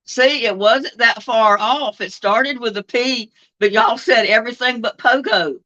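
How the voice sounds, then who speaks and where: Slow-talking older woman hosting trivia. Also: a little high, bright, forceful tone. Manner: chatty, reads questions aloud and answers viewers' comments. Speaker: host. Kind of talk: live-stream trivia chat. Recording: dull lo-fi stream audio.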